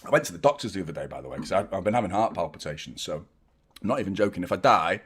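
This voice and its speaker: Excitable football fan. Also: male voice, low voice, rapid-fire. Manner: excitable, swearing, chanting along. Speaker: fan channel host. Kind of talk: live football watchalong commentary.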